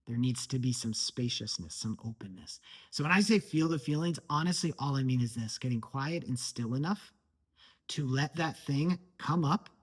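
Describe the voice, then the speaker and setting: Guy coaching about feelings, kinda husky, earnest and emphatic. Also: mid-range voice, expressive, moderate pace. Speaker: life coach. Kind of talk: motivational talk to camera.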